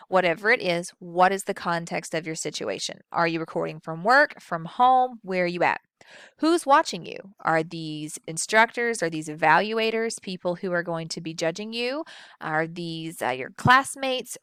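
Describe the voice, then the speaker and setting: A woman instructor giving a recorded lecture on public speaking, with deliberate, demonstrative delivery and well-placed pauses. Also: on the low side, fairly bright tone, clear, resonant tone, dry recording, clean studio sound.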